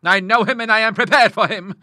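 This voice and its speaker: A man's voice: high-pitched, fast, bright, forceful tone, dry recording, studio quality, voice pushed up. A man reading an audiobook, voicing a stern, grim middle-aged woman who speaks severely and with scornful emphasis. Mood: vehement.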